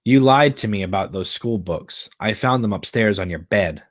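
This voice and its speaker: A man's voice: fairly low pitch, expressive, moderate pace, natural voice. A man reading a screenplay aloud live and voicing a caring middle-aged mother. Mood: confronting. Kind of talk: live screenplay read-through.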